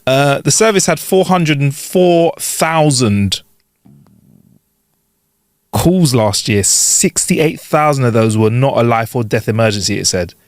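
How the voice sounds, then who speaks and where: Lively, jokey young man co-hosting. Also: medium pitch, unhurried, no room sound, clean studio sound. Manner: animated, jokey, lively storytelling. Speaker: podcast co-host. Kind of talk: casual comedic chat.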